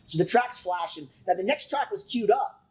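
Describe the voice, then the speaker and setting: A man on a podcast as a guest, telling stories in an animated way with lots of swearing. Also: high voice, moderate pace, a crowd in the background, rough recording. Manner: animated, profane storyteller who acts out quotes. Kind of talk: casual storytelling chat.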